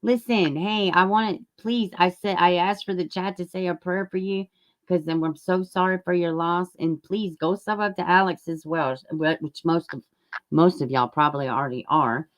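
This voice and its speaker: A woman's voice: lowish voice, fairly even intonation, moderate pace. A woman chatting casually on a live stream, rambling and greeting viewers in the chat. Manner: occasional mic dropouts. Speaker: true-crime live streamer.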